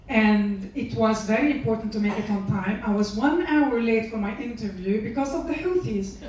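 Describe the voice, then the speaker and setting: A woman's voice: fairly high pitch, a little mellow, a little hiss or hum. A woman from Lebanon, a guest telling stories emphatically in a live interview. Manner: emphatic, opinionated storytelling. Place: event room at a peace center. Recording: echoey room, mic far off.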